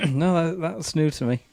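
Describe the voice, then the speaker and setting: A man's voice: on the high side, slow, background noise. A man hosting a podcast in casual chat, telling rambling anecdotes. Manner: rambling anecdotes, frequent restarts. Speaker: podcast host.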